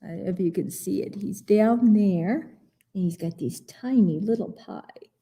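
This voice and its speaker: A woman reading a rhyming picture book aloud for a library storytime, playful and expressive, with asides about the pages. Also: mid-range voice, measured pace.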